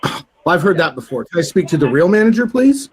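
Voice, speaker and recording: A man with a husky, slightly raised voice that swings up and down a lot. He chats casually and plays a deadpan, demanding prank caller. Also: a little high, fast. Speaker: podcast guest making a prank call. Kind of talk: casual chat and prank call.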